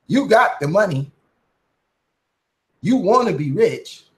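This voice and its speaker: A man's voice: high-pitched, big pitch swings, slow pace. A man hosting a casual commentary livestream, talking in a profane, preachy, motivational way. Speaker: channel host.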